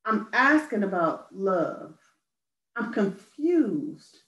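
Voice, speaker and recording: A woman with a mid-pitched voice speaks earnestly, searching for words and circling back to repeated phrases. She sounds distant from the mic, in a roomy, echoing space. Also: very animated, very slow, fairly bright tone. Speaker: guest songwriter and poet. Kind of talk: personal testimony in interview.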